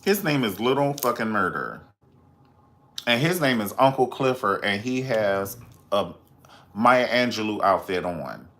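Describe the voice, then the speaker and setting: A man hosting a casual pop culture commentary, profane and dramatic, breaking into high squeals when he quotes people. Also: lively intonation, unhurried, a bit bright. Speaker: host.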